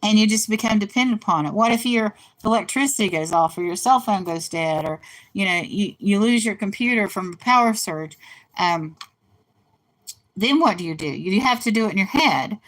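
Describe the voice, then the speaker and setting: A woman's voice: mid-range voice, expressive, normal speed, fairly bright tone. Older woman, host, slight West Virginia accent; loose, rambling storyteller. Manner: rambling storyteller, laughs at own stories. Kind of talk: casual monologue. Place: in a car.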